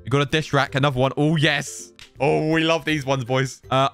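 A young man casually reacting to screenshots, animated and mock-outraged, with frequent exclamations and mild swearing. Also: on the high side, moderate pace, smooth, soft background music. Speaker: YouTube reaction host.

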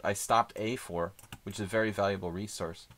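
A man streaming live chess, thinking aloud in casual commentary with many fillers and pauses. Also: fairly low pitch, fairly even intonation, a bit bright.

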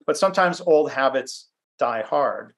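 A man's voice: mid-range voice, lively intonation, a little slow, gravelly, a bit bright. A man presenting a webinar from his home office, speaking conversationally and self-deprecatingly, with frequent fillers and restarts. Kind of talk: presentation with anecdotes.

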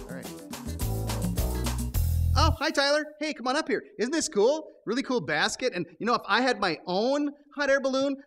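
In a children's puppet show, a man voices an excitable, scatterbrained male bunny puppet in a high-pitched voice. The bunny giggles and stammers while he talks.

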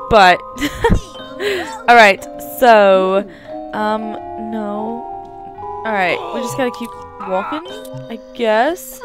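A woman's voice: on the high side, gravelly. A woman rambling and giggling as she comments on her video game play. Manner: chatty and rambling, giggles often. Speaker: let's play gamer.

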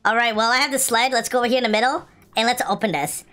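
Talking very fast in a fairly high voice, a young adult woman hosts a gaming video with light music underneath. She excitedly pleads for good loot, gripes, and then shouts happily.

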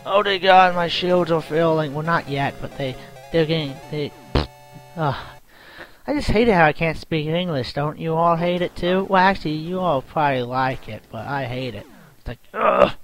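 A man's voice: a little high, moderate pace, a bit bright. A young man giving casual, self-mocking commentary while playing a game, yelping and groaning at it. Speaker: let's play gamer. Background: game music.

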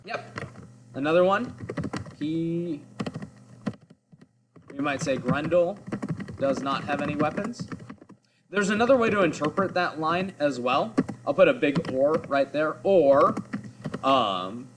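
A male teacher walks a class through a reading in a casual, explaining way. His voice sits a bit high for a man, and he thinks aloud as he goes. A faint hum sits behind him. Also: animated, slow, pauses often. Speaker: English teacher. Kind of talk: recorded class lesson.

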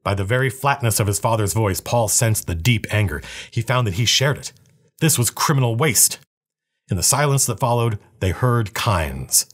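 A man reading a novel aloud with a steady, even storytelling manner. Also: fairly low pitch, normal speed.

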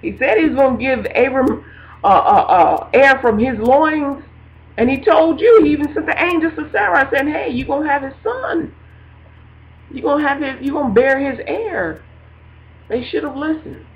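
A woman's voice: fairly high pitch, dull audio. Chatty laughing woman ministry host. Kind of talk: informal radio devotional.

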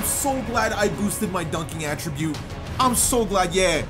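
A man with a high, bouncy voice calls out his basketball video game play, his pitch leaping around as he yells, groans and hypes himself up. Game music plays steadily underneath him. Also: normal speed. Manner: excitable, shouts and groans at the game. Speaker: gaming YouTuber. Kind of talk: excited gameplay commentary. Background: game music and sounds.

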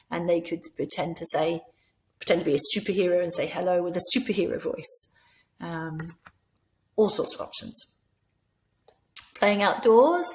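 A woman with a Scottish accent giving instructional advice to teachers, now and then slipping into a bright voice as she acts out talking to children. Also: fairly low pitch. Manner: demonstrates by speaking to imagined children in a bright teacher voice. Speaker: teacher trainer. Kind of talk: instructional talk with classroom role-play.

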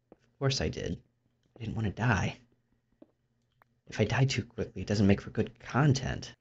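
A young man commentating his own gameplay in a dry, rambling, self-mocking way. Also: a little mellow. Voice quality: low gravelly voice. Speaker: gaming YouTuber. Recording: dull lo-fi mic.

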